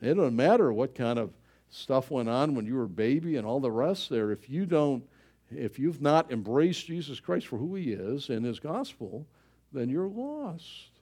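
A man preaching a sermon, animated, with many fillers, rising in volume for emphasis. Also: medium pitch, normal speed. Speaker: pastor.

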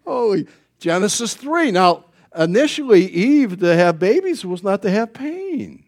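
A middle-aged man preaching a sermon in a joking, animated way, acting out little voices as he goes. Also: high voice, moderate pace. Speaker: pastor.

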